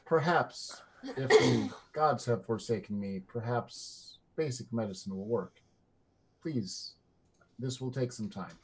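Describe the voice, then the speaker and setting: A man's voice: medium pitch, expressive, slow. A man voicing a weary, downcast male healer cleric who speaks in a solemn, formal, apologetic way.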